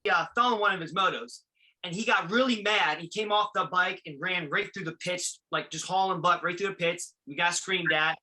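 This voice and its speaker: A man with a high, very bright voice asks questions as a concerned father. He talks haltingly and keeps searching for the right words. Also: low-quality recording. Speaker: father of a young rider. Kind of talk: asking questions in casual talk.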